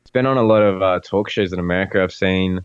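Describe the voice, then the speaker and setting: Man, 20s, musician guest, easygoing, lots of "like", low pitch, lo-fi dry sound. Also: fast. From Australia. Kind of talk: casual interview chat.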